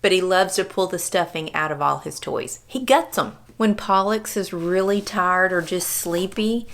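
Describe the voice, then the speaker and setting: A woman's voice: on the low side, moderate pace, hardly any pauses, fairly bright tone. Woman, casual vlog, affectionate, chatty, addresses her dog. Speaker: vlogger.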